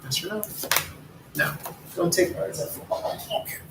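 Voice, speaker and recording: A man's voice: a little high, a little slow, echoey room, very noisy. A man giving a casual, rambling tarot reading, laid-back and drifting from topic to topic. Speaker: tarot reader.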